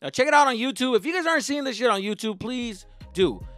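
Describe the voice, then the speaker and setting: Young man, podcast host, casual storytelling, animated, slangy. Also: very high-pitched, fast, soft background music.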